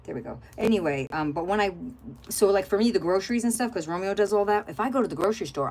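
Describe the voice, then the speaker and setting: A woman's voice: mid-range voice, big pitch swings, fast, breathy edge, poor audio. A middle-aged woman hosting a crafting livestream, chatting casually and rambling to her viewers as she works. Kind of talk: casual chat while crafting.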